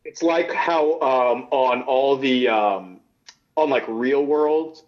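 A man's voice: mid-range voice, takes it slowly. A man in casual chat as a podcast co-host, spinning playful rambling theories. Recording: dull lo-fi sound.

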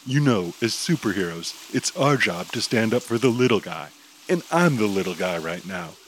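A man's voice: fairly low pitch, big pitch swings, normal speed, slight background noise, low-quality recording. A man voicing a stubborn, proud young male superhero who speaks defiantly. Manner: defiant, indignant.

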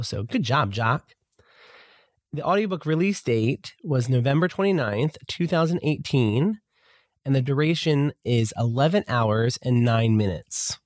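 Husky man sick with bronchitis. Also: medium pitch, dry recording, clean studio sound. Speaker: podcast co-host. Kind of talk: casual chat about audiobooks.

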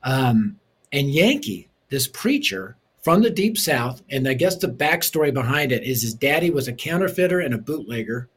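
A man in an interview, telling his life story in an animated, storytelling way. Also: mid-range voice, moderate pace, husky. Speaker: ministry leader and author.

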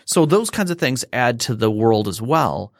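A man's voice: medium pitch, very animated, moderate pace, no echo, studio quality. A man explaining a tabletop game system in casual chat, rambling with fillers and restarts.

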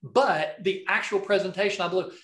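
This podcast guest, a video marketing coach, is a middle-aged man with a Southern accent and a high voice at a normal speed, heard with noticeable reverb. He tells rambling, animated stories in a relaxed interview, full of restarts.

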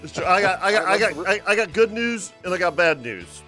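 Chatty male radio host, slightly high. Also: expressive, brisk, pushed and bright, faint music behind. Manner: chatty, stumbling restarts. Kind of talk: casual radio chat.

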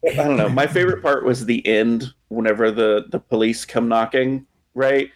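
A man talking loosely on a podcast with a middle-pitched voice, mocking a movie. He gets animated as he retells scenes and drops quick imitations of the characters. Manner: animated, mocks scenes with quick put-on quotes. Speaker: podcast co-host. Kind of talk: casual chat.

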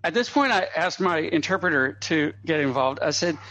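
A man with a slightly raised voice spins a long anecdote as a podcast guest, a lively raconteur full of asides and small laughs. His audio is dry and close with no room around it, and it sounds a little dull and lo-fi. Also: on the high side, moderate pace, no room sound. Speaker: guest comedy writer. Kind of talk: anecdotal storytelling in a podcast interview.

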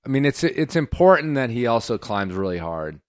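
A man hosting a podcast in casual chat, talking loosely with many fillers and quick laughs. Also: medium pitch, sing-song, dry recording, studio quality. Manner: chatty, laughing, quotes people in put-on voices. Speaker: podcast host.

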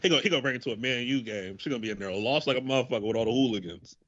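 Male co-host, rapid slangy banter, lively pitch, dull lo-fi audio. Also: dry recording. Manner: fast, slangy, joking rants. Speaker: podcast co-host. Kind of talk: casual chat.

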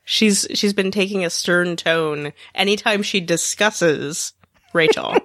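A woman co-hosting a podcast in casual chat, expressive and rambling, often laughing. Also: fairly low pitch, slow pace, no echo, studio quality. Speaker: podcast co-host.

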